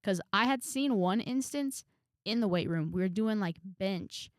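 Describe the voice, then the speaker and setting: A woman's voice: medium pitch, lively intonation, measured pace, no room sound, clean studio sound. A young woman vlogger telling a story in a frank, chatty way, with sighs and trailing asides. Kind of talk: casual storytelling to camera.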